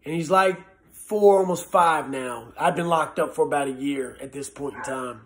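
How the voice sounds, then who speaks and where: A man who served prison time gives personal testimony about addiction, talking in an earnest, halting and blunt way with some swearing. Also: on the high side. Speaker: former prisoner sharing recovery story.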